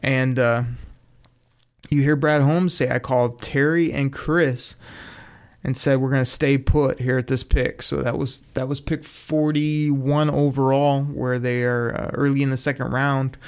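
Man, casual sports recap, smooth clear voice, enthusiastic, laughs often. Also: medium pitch, flat delivery, unhurried, darkish tone. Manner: enthusiastic, laughing, quoting others. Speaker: sports commentator.

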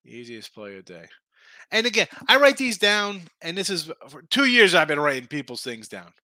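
Bright-voiced man rambling about sports bets. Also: high-pitched, big pitch swings, brisk, dry recording. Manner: rambling, repeats himself, talks in betting numbers. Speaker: sports betting show host. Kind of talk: casual sports betting talk.

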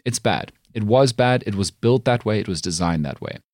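A man's voice: lowish voice, lively intonation, moderate pace, a little mellow, no room sound, studio quality. A man with a South African accent hosting a comedic news commentary show, talking in an emphatic, indignant way. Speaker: host.

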